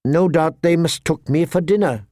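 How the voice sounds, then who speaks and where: A man's voice: fairly high pitch, moderate pace, dark tone, no room sound, voice pushed up, natural voice. A man voicing a sardonic dwarf nobleman with dry, mocking wit in an audiobook reading. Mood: wry. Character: wry sardonic dwarf nobleman, male adult. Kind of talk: audiobook character voice.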